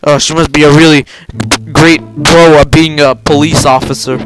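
A young man giving casual gameplay commentary, excitable, yelping and repeating himself. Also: a little high, normal speed, faint music behind. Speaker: gameplay video host.

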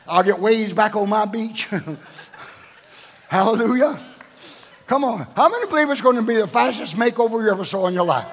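An older man, a bishop, preaching a sermon at a live church service and quizzing the congregation with rhetorical questions. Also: sits high. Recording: echoing church hall.

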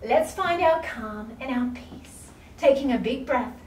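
A very high, bouncy voice with lots of rise and fall belongs to a woman guiding young children through yoga. She speaks slowly and warmly encouraging, with playful animal noises. The sound is roomy and picked up from some distance. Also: animated, slight background noise. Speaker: kids' yoga teacher.

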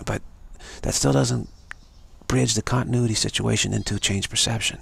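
A man speaks in a low, very raspy voice, giving an unscripted spiritual talk. He circles back on the same phrases again and again, the gravel never leaving his tone. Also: steady tone, normal speed, a bit bright. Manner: repeats phrases over and over. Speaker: spiritual teacher. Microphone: livestream mic.

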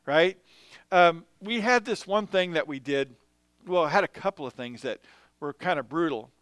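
A man preaching a church sermon, telling animated personal stories and chuckling between anecdotes. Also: a little high, normal speed, clear, resonant tone, no echo. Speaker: pastor. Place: church sanctuary.

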